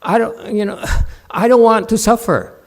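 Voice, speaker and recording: A man putting on the voice of a whining, self-pitying disciple who complains in a high, plaintive tone. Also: moderate pace, gravelly. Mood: whiny. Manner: high-pitched whiny complaining.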